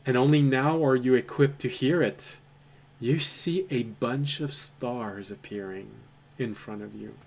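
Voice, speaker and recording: A man narrating a tabletop role-playing game as game master, telling the scene in a measured, dramatic way. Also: fairly low pitch, a little hiss or hum. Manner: slow, measured, dramatic storytelling.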